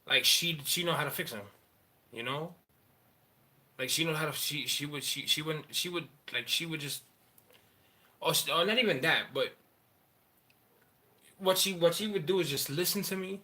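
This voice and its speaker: A man in a candid personal monologue, rambling and profane, halting often with fillers as he talks about his feelings. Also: on the high side, pushed and bright. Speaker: father sharing personal story.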